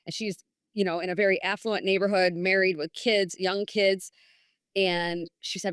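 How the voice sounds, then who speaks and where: A woman's voice: mid-range voice, level tone, moderate pace, a bit bright, smooth, no room sound, clean studio sound. A woman from New York telling her personal story as a guest, earnest and candid, often quoting herself and others in conversation. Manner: earnest, candid storytelling with frequent "I was like" and quoted dialogue. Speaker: podcast guest.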